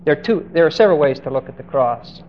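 A man's voice: a little high, animated, fast talker. A man preaching an expository sermon on a Bible passage, emphatic, drawing out key words and putting direct questions to his listeners. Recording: dull lo-fi recording with faint hiss.

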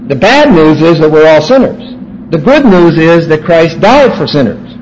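A man's voice: fairly high pitch, very animated, normal speed, a little mellow, a little hiss or hum, poor audio. A man teaching a Bible class, walking his students through their notes and stressing key words emphatically.

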